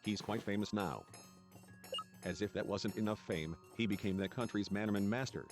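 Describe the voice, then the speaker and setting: A man's voice: fairly low pitch, moderate pace, over music. A man reading game dialogue and narration aloud in a let's play.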